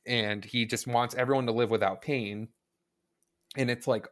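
Here a guest on a casual podcast discusses a video game in a lowish voice at a moderate pace. He's eager and meandering, regularly beginning his sentences again.

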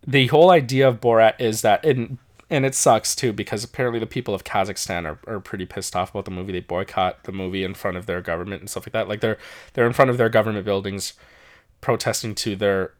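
A man co-hosting a casual chat, talking in an animated, rambling way with many restarts. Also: fairly low pitch.

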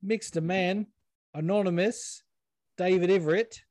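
A man's voice: high voice, steady tone, a little slow, a little mellow, no room sound. A young man hosting a podcast in casual chat, rambling and self-deprecating, swearing now and then. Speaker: podcast host.

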